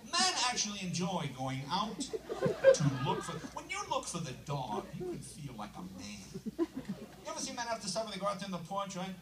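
A man doing a live stand-up routine with an animated, punchy delivery and sudden shouts, recorded from a distance in an echoey live venue with a loud crowd. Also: sits high, moderate pace, very noisy. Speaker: stand-up comedian.

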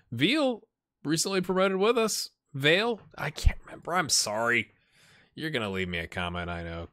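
A gaming channel host with a fairly high, bright voice and lively intonation chats at a moderate pace while playing a football management game in a let's-play video. He's chatty and self-mocking, full of jokes and muttered asides. Clean studio sound, no echo.

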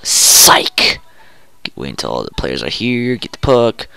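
A gamer giving goofy, excitable commentary while playing a hockey video game, groaning and yelling at each play. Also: low-pitched, slow, vocal fry, smooth, dry recording, soft background music.

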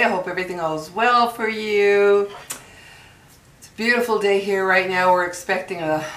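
A woman chatting casually to camera in a product review vlog, folksy and drawn-out on her emphasis. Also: lowish voice, a bit bright. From New Mexico. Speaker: beauty vlogger. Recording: echoey room, far from mic.

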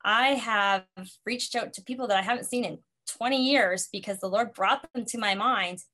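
A woman's voice: a little high, normal speed, pushed and bright. A woman ministry facilitator giving an earnest teaching talk, telling personal stories and quoting her own prayers.

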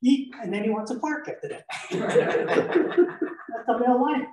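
A man's voice: extremely high pitch, measured pace, noisy background. A man giving a playful, rambling classroom lecture, quizzing his listeners and telling jokes. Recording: echoey room, mic far off.

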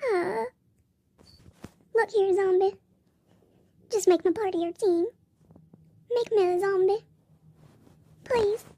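A performer uses an extremely high yet mellow voice to portray a pathetic male mall cop trapped in a bunny suit. In this game role-play story, the character whines, pleads and pities himself, often close to tears.

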